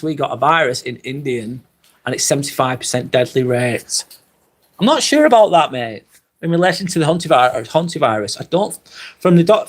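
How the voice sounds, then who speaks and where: A man with a Lancashire accent from Northwest England, hosting a live stream and chatting casually with his viewers, swearing freely. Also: mid-range voice. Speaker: livestream host. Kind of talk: live stream chat reading.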